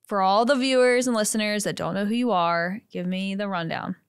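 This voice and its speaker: A woman's voice: medium pitch, a little fast, clean tone, no room sound, studio quality. Playful woman hosting a podcast. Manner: playful, teasing, laughs often. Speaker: podcast host. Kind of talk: casual podcast interview.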